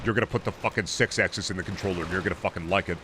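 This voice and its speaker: Guy putting on a gruff pushy exec voice, lower and quieter, fake foreign accent. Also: very fast, background noise, lightly acted. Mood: domineering. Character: bossy male corporate executive barking orders.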